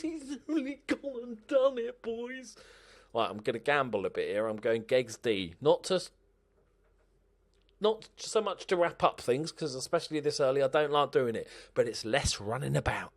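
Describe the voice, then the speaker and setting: A man giving casual, excitable commentary over a game, talking to himself and swearing. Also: medium pitch, moderate pace.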